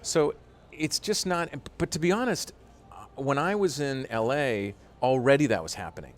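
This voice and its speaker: A man, a voice actor being interviewed, telling stories in a lively way with many fillers like "uh" and "you know". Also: mid-range voice, moderate pace. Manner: animated storyteller with frequent fillers. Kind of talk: casual interview chat.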